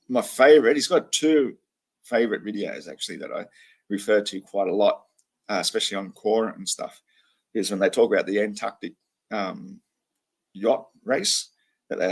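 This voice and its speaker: Low husky man rambling on a livestream. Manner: rambling, with frequent ums and restarts. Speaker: livestream host. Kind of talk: casual livestream chat.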